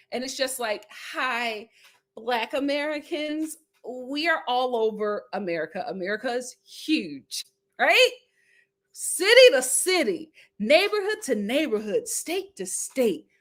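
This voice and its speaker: A woman with a somewhat high voice talks through a reality show recap in a loose, chatty way. She reads viewer comments aloud and says her points twice for emphasis. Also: a bit bright. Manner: emphatic, repeats lines for effect.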